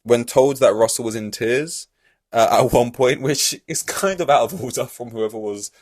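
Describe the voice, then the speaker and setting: A man hosts a solo casual podcast, offering commentary in a mid-range voice at normal speed. He rambles animatedly, full of fillers and restarts, and laughs between points.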